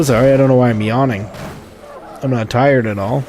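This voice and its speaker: A man in a gaming video, chatting loosely as he plays and often stopping to correct himself. His voice sits in a middle pitch. Faint noise hums behind him. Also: moderate pace, a little mellow. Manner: rambling, chatty, self-correcting. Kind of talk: casual let's-play commentary.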